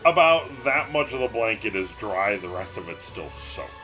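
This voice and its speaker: A housemate chatting casually from across the room, goofy and prone to loud bursts of laughter. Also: medium pitch, sing-song, normal speed, music in the background. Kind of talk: casual off-mic chat.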